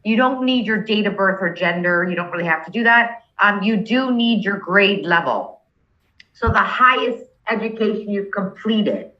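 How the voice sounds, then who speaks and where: A woman's voice: medium pitch, expressive, moderate pace, lo-fi sound. A woman instructor walking a class through steps over a video call, patient and checking in with "okay?" as she goes. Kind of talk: online class walkthrough.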